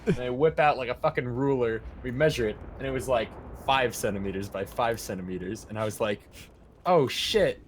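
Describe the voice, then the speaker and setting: A man's voice: medium pitch, a little fast, hardly any pauses, a little hiss or hum. A man streaming, telling stories in a casual, profane, laughing way.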